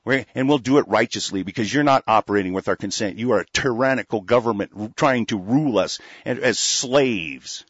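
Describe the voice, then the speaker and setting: A man's voice: fairly low pitch, fairly quick, hardly any pauses, dry recording. A man from Oregon delivering a fiery, profane, rambling political rant as a talk host. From Oregon, USA. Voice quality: gravelly, husky. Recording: dull lo-fi close mic.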